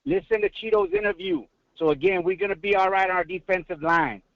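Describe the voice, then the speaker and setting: A man's voice: high voice, big pitch swings, a little fast, gravelly, no echo. A male caller giving a hyped, preacher-like sports pep talk full of rhetorical questions, mixing in Spanish greetings. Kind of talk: excited call-in sports talk. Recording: muffled phone line audio.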